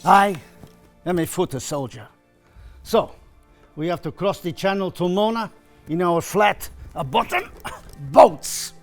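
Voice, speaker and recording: A man putting on a weary Roman foot soldier with a put-on Italian accent, lilting and theatrical. His voice sits a little high as he recounts the march. Light music runs beneath. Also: lively intonation, takes it slowly, long pauses, exaggerated voice. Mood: storytelling. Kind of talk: educational drama.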